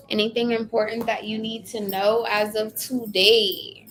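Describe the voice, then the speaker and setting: Woman tarot reader, casual live session; blunt, chatty, a bit high in pitch. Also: flat delivery, a little slow, a crowd in the background. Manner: chatty, blunt, swears casually, addresses viewers by name.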